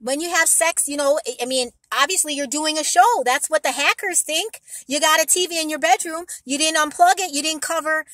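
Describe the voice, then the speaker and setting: A woman's voice: high-pitched, a little fast, hardly any pauses, fairly bright tone, dry recording. A woman vlogger giving rambling, emphatic advice to her viewers in a casual monologue, blunt and sometimes swearing.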